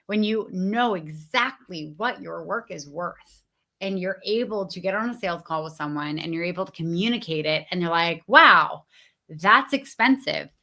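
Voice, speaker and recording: Bright, chatty woman coaching on a livestream. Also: lowish voice, moderate pace. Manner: chatty, lots of fillers and restarts; greets viewers in the chat. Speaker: business coach. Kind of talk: casual livestream talk. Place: at home.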